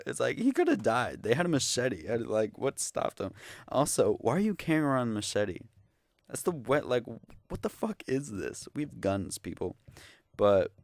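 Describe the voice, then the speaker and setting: A man's voice: on the low side, very animated, moderate pace, dry recording. A young man ranting into the camera, exasperated, sarcastic and profane in a casual vlog. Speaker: vlogger.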